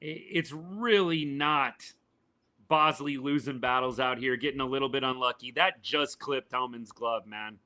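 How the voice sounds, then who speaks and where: A man, his voice worn and going hoarse, chatting casually as a podcast host reacting live to a baseball game and answering viewers. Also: medium pitch, measured pace, sharp tone. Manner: chatty, answers chat viewers by name, says y'all. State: voice worn and failing, a little quieter than usual.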